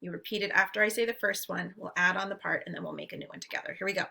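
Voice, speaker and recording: A woman teacher leading a phonics drill for young children, modeling each word slowly and clearly for them to repeat. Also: on the low side, bright, forceful tone.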